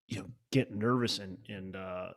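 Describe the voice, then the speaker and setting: A man's voice: sits low, fairly even intonation, moderate pace. A man hosting a podcast interview, talking in a conversational way with frequent restarts. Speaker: podcast host. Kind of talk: casual interview talk.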